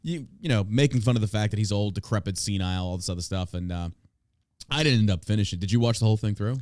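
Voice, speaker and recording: A man's voice: lowish voice, fast, a little mellow, no room sound, studio quality. A man hosting a podcast in casual chat, blunt and opinionated, with crude banter. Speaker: podcast host.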